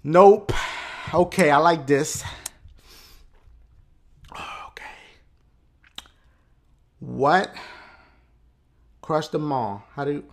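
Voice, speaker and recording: A man hosting a let's play channel, loud and excitable, swearing a lot and shouting at the game. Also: fairly high pitch, extremely slow, long pauses. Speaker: gaming channel host.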